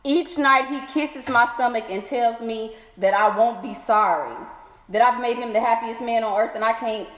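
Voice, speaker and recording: A sassy woman reads letters and gives animated advice commentary as a vlogger, exclaiming and adding playful, drawn-out asides. Her voice is on the high side and fairly bright, in an echoey room with long reverb.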